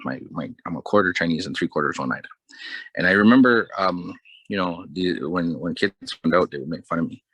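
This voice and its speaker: A man telling personal stories in a relaxed, humorous way, often laughing at his own anecdotes. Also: sits low, a little fast, breathy edge, dry recording, rough recording. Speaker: speaker sharing personal experience. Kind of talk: personal storytelling talk.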